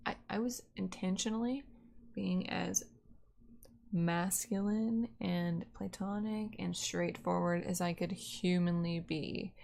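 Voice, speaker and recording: Young woman streamer with a creaky, gravelly voice, rambling and profane, casual live storytelling. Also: lowish voice, darkish tone. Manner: profane, rambling, filler-heavy.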